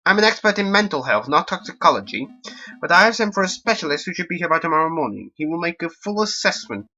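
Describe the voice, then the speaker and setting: A calm, formal stork doctor speaks in a raised, put-on accent, as a man voices him. The tone is measured and polite, with a dark, mellow timbre. The recording sounds dull and lo-fi. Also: a little high, pitched above the performer's own voice, exaggerated voice. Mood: reassuring.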